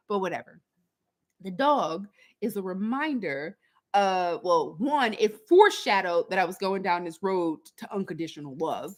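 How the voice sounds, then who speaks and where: A woman's voice: medium pitch, normal speed. Woman coach talking thru a personal story, candid, acts out her own thoughts. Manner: candid, animated storytelling with quoted inner dialogue. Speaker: life coach. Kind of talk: personal reflective monologue.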